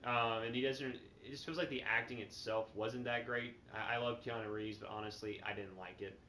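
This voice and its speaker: Blunt, bright-voiced young man in an echoey room. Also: lowish voice, fairly quick. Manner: blunt, swears freely, mocks flat voices. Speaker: channel host. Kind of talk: casual gaming chat. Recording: echoey room with faint noise.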